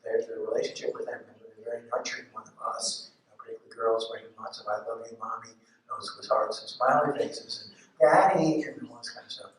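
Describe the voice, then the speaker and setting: A man's voice: on the low side, little pitch movement, quick pace, a bit bright. A man, a psychologist, giving a public lecture to parents in a school auditorium, conversational and wry, acting out everyday family scenes as he talks. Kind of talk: public lecture with illustrative storytelling. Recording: echoey hall, voice heard from far off.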